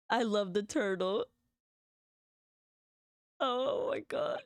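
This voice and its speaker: A woman's voice: mid-range voice, lively intonation, very slow, pauses often. A young woman gushing and giggling as she comments on her game during a casual live stream. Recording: music playing loudly under the voice. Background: game music.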